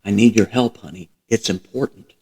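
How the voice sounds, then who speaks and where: A man's voice: fairly low pitch, moderate pace, mellow, breathy edge. A man voicing an eager, driven American woman codebreaker who talks urgently and breathlessly in a storybook reading.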